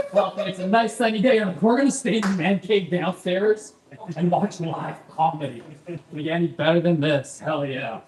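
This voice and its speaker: A man's voice: sits high, slight background noise. A young man doing a brash, profane stand-up set and working the crowd. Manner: brash, crowd work, swearing. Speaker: stand-up comedian. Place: basement comedy club. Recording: echoey club room.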